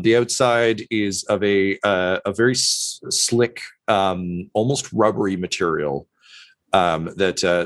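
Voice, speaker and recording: A man's voice: low-pitched, a bit bright, dry recording. A man narrating a tabletop game as game master, hesitant with many "um" and "uh" fillers.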